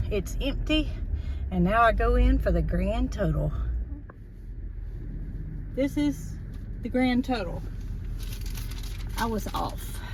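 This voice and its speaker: A woman's voice: fairly high pitch, background noise. A woman chatting straight to her viewers in a casual farm vlog, filmed on a handheld phone. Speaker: farm vlogger. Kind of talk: casual vlog narration to camera. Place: farm and truck, in and out of doors.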